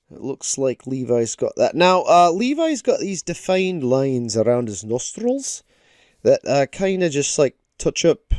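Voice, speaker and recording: A man's voice: mid-range voice, darkish tone, dry recording, studio quality. A man casually chatting on a stream while he draws, rambling and giving playful mock lessons with lots of filler words. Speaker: digital artist streaming. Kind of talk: casual livestream chat while drawing.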